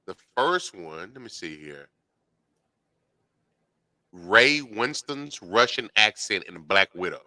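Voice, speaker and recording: A man trades easygoing jokes as a podcast co-host. His low voice has a very bright, forceful edge and swings widely in pitch. He laughs often, and the sound is dry and close. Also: big pitch swings, slow, long pauses, no echo. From Alabama, US South. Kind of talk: casual podcast chat.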